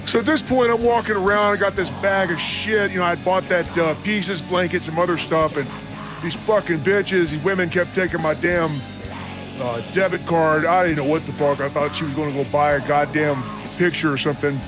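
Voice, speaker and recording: Guy on a podcast ranting a story, swears nonstop, kinda high voice, faint music under it. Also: fairly even intonation, moderate pace. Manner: profane, blunt, rambling. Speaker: podcast host. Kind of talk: casual storytelling monologue.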